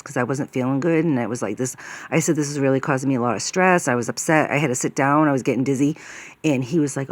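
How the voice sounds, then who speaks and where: A woman's voice: rumbling low, fast, no room sound. A woman telling a personal story in a casual, rambling way, upset, with fillers like "okay?" and "right?".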